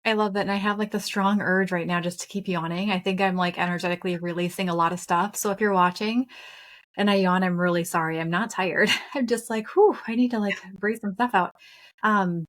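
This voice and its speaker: A woman in her thirties tells a personal spiritual story on a podcast, her voice sitting slightly low. She talks earnestly and chattily, dropping in playful asides along the way. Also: fairly even intonation, brisk, a bit bright. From Minnesota. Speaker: podcast co-host.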